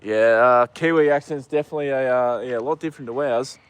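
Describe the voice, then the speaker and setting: A man's voice: medium pitch, fast, smooth, no room sound. Aussie guy rambling on a live stream outside, lots of ums, dry close mic. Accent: Australian. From Australia. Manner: relaxed, rambling, many ums and uhs. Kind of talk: casual live-stream chat. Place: outdoors with a horse.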